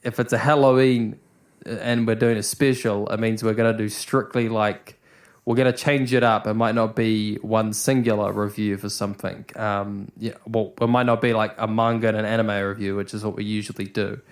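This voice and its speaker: A man's voice: lowish voice, little pitch movement, moderate pace. Rambling man hosting a casual podcast. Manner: rambling, full of restarts and casual swearing. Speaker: podcast host.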